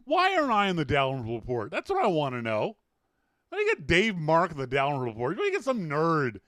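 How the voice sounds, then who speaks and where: A man with a high, animated voice hosts a podcast in relaxed banter, breaking into laughter often. The sound is close and dry. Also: quick pace, dry recording. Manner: laughs often, playful teasing. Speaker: podcast host. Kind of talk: casual banter with a guest.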